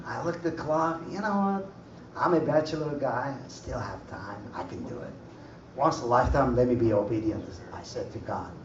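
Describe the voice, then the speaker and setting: A man giving an animated personal testimony at a church conference, in broken English. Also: fairly high pitch. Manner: animated storytelling, broken English, laughs often. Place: conference hall. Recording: roomy hall, far mic, dull lo-fi, faint noise.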